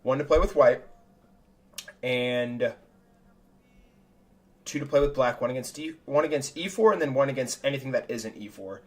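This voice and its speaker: A man's voice: mid-range voice, moderate pace, long pauses, darkish tone. A young man streaming live, walking through his chess games move by move in casual, slangy talk and thinking aloud. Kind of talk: live game review commentary.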